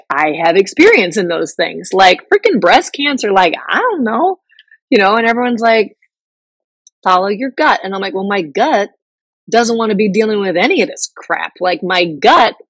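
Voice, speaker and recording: A woman's voice: mid-range voice, fairly bright tone, dry recording, poor audio. A middle-aged woman hosting a podcast, talking openly and casually about her life, full of fillers and restarts. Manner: candid, chatty, many fillers and restarts. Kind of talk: casual personal talk.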